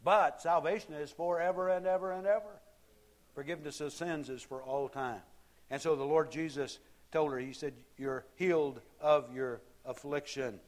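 A man delivers a sermon from the pulpit with a slightly raised pitch. He talks to his listeners in an easy, conversational way and keeps asking them rhetorical questions. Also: fairly even intonation, moderate pace. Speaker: pastor.

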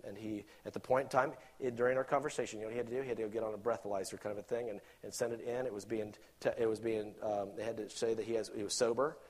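A man preaching a sermon with passion, rising to loud emphatic peaks and dropping to quiet asides, acting out imagined objectors. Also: on the low side. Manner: acts out imagined objectors in quoted voices.

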